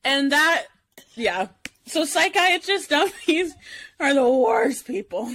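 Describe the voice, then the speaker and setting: A woman's voice: high-pitched, animated, slow pace, a bit bright. A young woman telling a story in casual chat, laughing often and acting out what people said to her. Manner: storytelling with lots of laughter and quoted dialogue.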